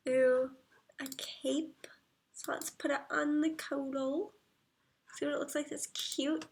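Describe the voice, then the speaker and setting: Female streamer, high voice with vocal fry, unhurried casual chat, reads comments aloud. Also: steady tone. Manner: reads viewer comments aloud and murmurs soft asides. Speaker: livestreamer.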